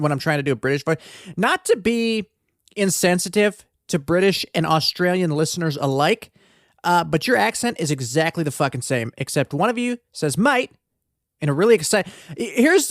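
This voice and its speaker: A man's voice: fairly high pitch, dry recording, studio quality. A man hosting a casual comedic true-crime podcast, rambling and swearing through joking asides into a desk mic. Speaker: podcast host.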